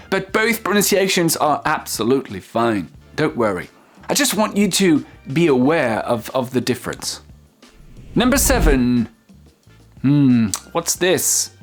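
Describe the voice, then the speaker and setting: Slow, animated male English teacher. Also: fairly high pitch, faint music behind. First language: French. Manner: slow, exaggerated word-by-word modeling. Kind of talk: lesson for French speakers.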